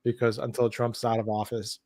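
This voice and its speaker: A man's voice: medium pitch, monotone, a little fast, warm tone, no room sound, studio quality. A man co-hosting a casual live chat, telling stories animatedly and laughing a lot. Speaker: co-host.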